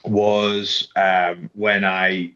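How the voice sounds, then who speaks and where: A man as an interview guest, spinning a story with lively energy and slipping into quoted voices. His voice sits fairly low. The recording sounds a little muffled and lo-fi. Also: extremely slow. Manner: animated, acts out quoted voices, frequent restarts. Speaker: guest wrestler. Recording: slightly dull lo-fi sound.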